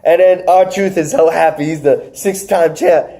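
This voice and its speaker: A man hosting a casual wrestling review podcast, recapping matches with animated retellings and acted-out lines. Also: a little high, measured pace. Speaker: podcast host.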